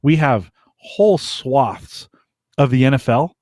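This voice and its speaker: A man's voice: medium pitch, expressive, takes it slowly, warm tone, dry recording. A man co-hosting a podcast in casual chat, talking emphatically and giving strong opinions on a close mic. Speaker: podcast co-host.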